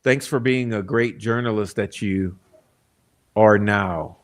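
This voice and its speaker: A man's voice: on the low side, slow. A man giving blunt, combative true crime commentary, often breaking in with "okay?" asides. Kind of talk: casual commentary reading quotes.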